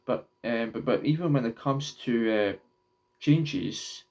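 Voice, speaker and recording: This young vlogger's speech is casual and meandering, full of halts where he repeats or restarts his words while addressing the camera. His pitch is medium and his tone darkish.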